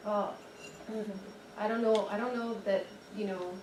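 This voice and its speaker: A woman's voice: mid-range voice, steady tone, a little slow, noisy background, natural voice. A woman voicing her blunt, puzzled grandmother in a plain, matter-of-fact way, in an echoey room from a distant mic.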